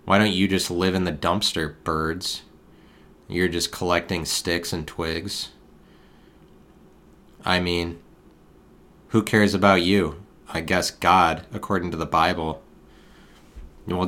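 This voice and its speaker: Low-voiced man musing deadpan. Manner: meandering, deadpan absurd tangents. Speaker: podcast host. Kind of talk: rambling solo podcast musing.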